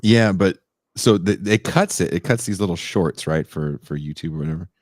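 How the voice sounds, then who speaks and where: A man's voice: deep voice, normal speed, darkish tone, no echo, clean studio sound. A man co-hosting a podcast in casual chat, swearing freely, laughing often and acting out quotes. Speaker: podcast co-host. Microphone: desk mic with sound board.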